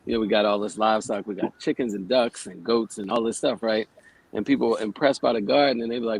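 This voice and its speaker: A man's voice: on the low side, steady tone, quick pace, gravelly, breathy edge, low-quality recording. Casual man in his forties, plainspoken. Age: 40s. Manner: conversational, plainspoken, swears casually. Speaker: yoga teacher and guest. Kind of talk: casual radio interview storytelling.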